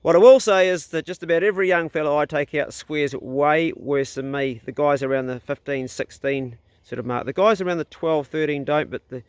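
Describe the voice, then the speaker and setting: A man's voice: fairly high pitch, a little fast, few pauses, smooth, dry recording. A middle-aged man with a New Zealand accent talks bluntly to camera in a casual vlog, swearing freely. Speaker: vlogger.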